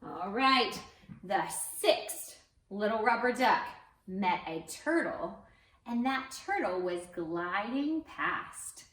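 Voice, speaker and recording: A woman's voice: mid-range voice, lively intonation, takes it slowly, a bit bright. A young woman leading an interactive story time for babies and their grown-ups, coaxing them to join in with a sing-song delivery. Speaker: teaching artist leading baby story time. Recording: roomy, from off-mic.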